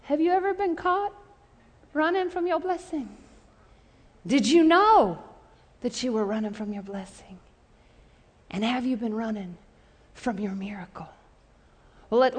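High-voiced woman preaching in a hall. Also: lively intonation, normal speed, pauses often. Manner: conversational storytelling, calls for audience response. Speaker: pastor. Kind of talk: sermon.

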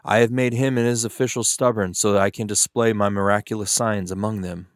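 A man reading the words of God in a Bible reading, with a measured, solemn delivery. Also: on the low side, fairly even intonation, dry recording, clean studio sound, lightly acted. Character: God speaking, solemn and commanding.

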